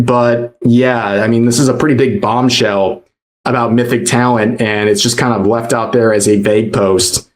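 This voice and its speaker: A man narrating online drama commentary in a measured, explanatory way, often repeating his key points. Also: mid-range voice, fairly even intonation.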